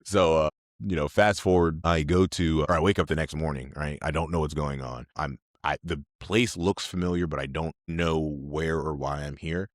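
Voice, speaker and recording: With an extremely low pitch and fairly even intonation, a man speaks at normal speed in clean studio sound with no echo. He's an army officer in his thirties appearing as a podcast guest, laughing a lot as he tells stories casually and with animation.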